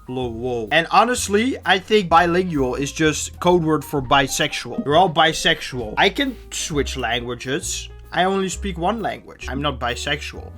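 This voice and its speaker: A young man with a slightly high voice reads online stories aloud for a comedy video. He keeps interrupting with dry, mocking asides. Soft music plays quietly underneath. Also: expressive, measured pace, hardly any pauses. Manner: sarcastic, mocking asides between read-out stories. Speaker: YouTube host. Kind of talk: reading online posts aloud with comic commentary.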